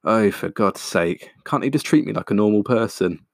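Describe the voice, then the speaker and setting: A man's voice: fairly low pitch, animated, normal speed, no echo, studio quality. A man voicing a nervous young man who talks in a casual, jokey way.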